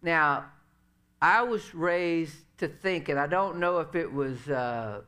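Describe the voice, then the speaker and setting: Folksy preaching man, slightly high voice. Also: takes it slowly, sharp tone. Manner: conversational preaching, frequent "you know" and "uh". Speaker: pastor. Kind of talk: sermon.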